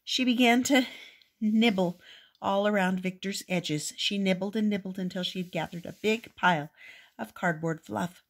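An older woman reading a children's picture book aloud in a gentle, expressive way. Her voice sits low, with a husky, breathy grain. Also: normal speed. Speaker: storyteller.

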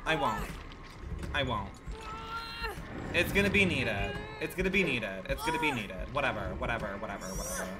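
Animated, dramatic male game streamer. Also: mid-range voice, normal speed, pauses often. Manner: dramatic, exclamatory, profane, chatty with viewers. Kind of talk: casual live gaming commentary.

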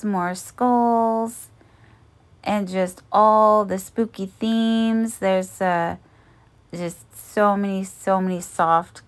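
A woman narrating a shopping haul as a vlogger, chatty and gentle, cooing over cute finds. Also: mid-range voice.

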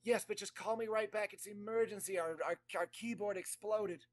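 A man doing an impression of a cranky, frantic older man, in a loud, high, pleading voice. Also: fairly even intonation, moderate pace, dry recording, lightly acted. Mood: insistent.

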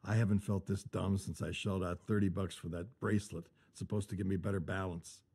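A man's voice: deep voice, little pitch movement, fast talker, darkish tone, slightly rough. An actor playing a blunt, grumbling older grandfather in a sitcom. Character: gruff grumpy grandfather in a sitcom.

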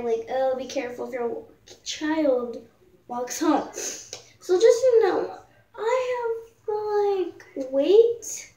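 This teenage girl's high-pitched, dark-toned voice comes through a distant mic, a bit off-mic in an echoey room. She's vlogging a story casually, meandering with fillers and tossing in little jokes.

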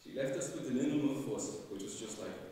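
A man, reading a fond, gently humorous eulogy for his mother at a funeral Mass. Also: mid-range voice, fast. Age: 50s. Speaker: son giving a eulogy. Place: large church. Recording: echoey church, voice from far off.

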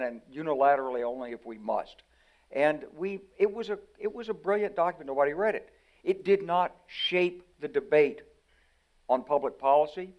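A man's voice: on the high side, lo-fi sound. An older man from the United States, a retired general, telling stories animatedly as a guest in a conversational interview. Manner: animated storyteller who acts out quoted voices.

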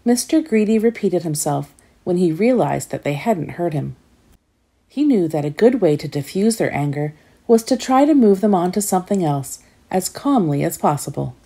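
Woman reading a kids' book aloud: gentle, lowish, mellow and breathy. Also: animated, moderate pace. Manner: gentle, asks listeners questions. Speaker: storyteller.

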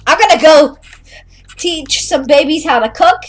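A woman's voice: sits high, a little slow, soft background music. A young woman casually chatting while she plays a game, playful and silly, narrating her own moves. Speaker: channel host playing a game. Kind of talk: casual gameplay chat.

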